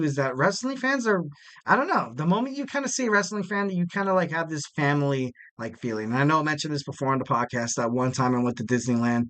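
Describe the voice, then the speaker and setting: A man's voice: on the high side, fairly bright tone. A young man hosting a wrestling podcast in casual solo chat, rambling and joking with plenty of fillers. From West Coast of the United States. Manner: rambling, jokey, lots of fillers.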